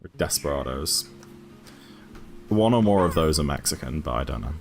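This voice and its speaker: Low-voiced chatty English man. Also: expressive, moderate pace, creaky, faint music behind. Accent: English, mixed northern and southern. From Newcastle, England. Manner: rambling, chatty, frequent restarts and fillers. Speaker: streamer. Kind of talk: casual chat while gaming.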